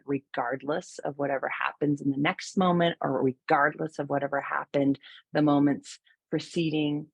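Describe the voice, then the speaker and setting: Low gravelly voiced woman, husky, chatting softly about mindfulness, middle-aged. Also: dry recording. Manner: gentle, reflective, with soft laughs and fillers. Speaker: mindfulness teacher. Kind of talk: casual mindfulness talk.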